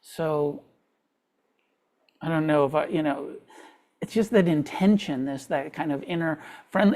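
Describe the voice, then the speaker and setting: A man's voice: fairly high pitch, unhurried, pauses often, a little mellow. Man giving a loose, rambling dharma talk. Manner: loose, conversational, frequent fillers and restarts. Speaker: meditation teacher. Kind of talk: dharma talk to a live group. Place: meditation hall with a live audience.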